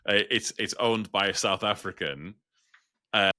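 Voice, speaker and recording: A man's voice: fairly low pitch, measured pace, pushed and bright. A man from the UK co-hosting a podcast, talking in a blunt, sweary, casual way. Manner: blunt, sweary, laughs often. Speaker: podcast co-host. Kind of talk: casual chat.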